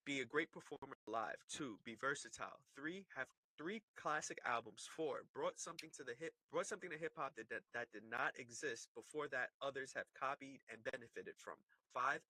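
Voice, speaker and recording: A man's voice: mid-range voice, sharp tone, no room sound, rough recording. A man hosting a casual podcast chat, reading viewer comments aloud and laughing often. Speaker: podcast host.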